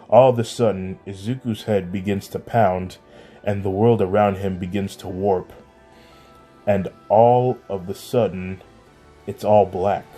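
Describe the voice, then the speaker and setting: A man with a low, mellow voice reads a homemade fan story aloud, plain and steady, now and then tripping over a word. Soft music plays quietly underneath. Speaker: narrator. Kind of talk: amateur fan-fiction storytelling.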